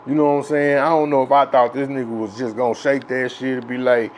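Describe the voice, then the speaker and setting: A man's voice: medium pitch, fast, a little hiss or hum. Rowdy, profane man telling stories. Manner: profane, rambling, filler-heavy; grows loud and excited with laughs. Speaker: host telling a childhood story. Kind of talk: casual storytelling.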